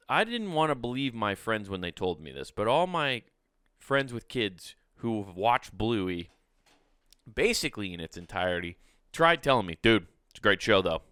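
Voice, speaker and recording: A man's voice: medium pitch, fairly bright tone, clear, resonant tone, no room sound, studio quality. Laughing, rambling male podcast host. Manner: rambling, jokey, laughs often, swears. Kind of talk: casual solo podcast chat.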